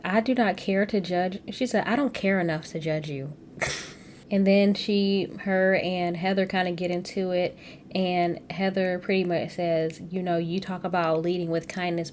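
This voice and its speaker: A woman's voice: lowish voice, a little mellow, a little hiss or hum. A woman hosting a podcast, recapping a reality show in casual, gossipy chat and often laughing. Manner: chatty and gossipy, laughs often, addresses listeners as y'all.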